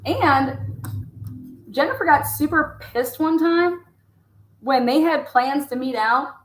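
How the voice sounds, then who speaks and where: A woman's voice: high voice, animated, takes it slowly, a little hiss or hum. A woman giving casual, blunt and profane commentary while reading out messages, often talking back to herself. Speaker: true-crime commentator. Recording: roomy echo.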